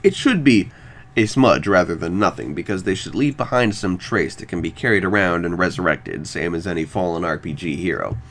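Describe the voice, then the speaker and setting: A man with a low voice reads a scripted podcast review. His pitch swings widely as he talks, and his delivery is wry and enthusiastic. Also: brisk, slight background noise. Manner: wry, enthusiastic, lively intonation. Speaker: podcast host. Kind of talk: scripted film review monologue.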